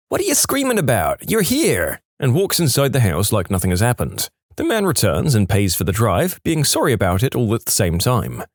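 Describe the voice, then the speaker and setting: A man narrating online stories in a wry, animated, scripted way. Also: fairly low pitch, dry recording, studio quality. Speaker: story narrator.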